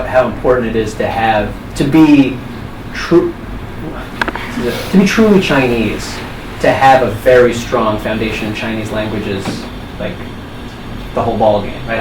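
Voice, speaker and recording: A man moderating a panel talk, telling stories to the audience in a lively, animated way. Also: fairly low pitch, roomy sound, recorded from a distance, noisy background. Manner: animated, gets excited and laughs when telling stories. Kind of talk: casual storytelling to an audience.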